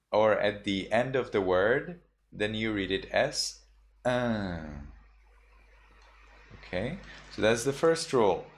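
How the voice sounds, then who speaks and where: A man teaching a class of children, patiently spelling out sounds and repeating them for the class to echo. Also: on the low side. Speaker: Buddhist monk teacher.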